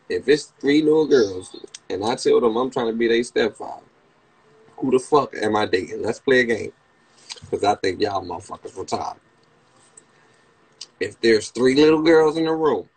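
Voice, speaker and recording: Young man, DC-area accent, husky livestream host, brash roaster. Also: mid-range voice, poor audio. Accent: Washington DC area. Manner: brash, profane, mocking. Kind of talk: casual livestream chat, roasting a guest.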